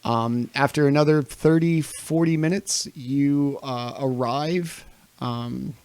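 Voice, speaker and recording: A man narrating a tabletop game as dungeon master, pausing often with ums while describing scenes. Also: medium pitch, a little mellow, smooth. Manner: slow, with frequent ums and pauses. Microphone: home mic on a livestream.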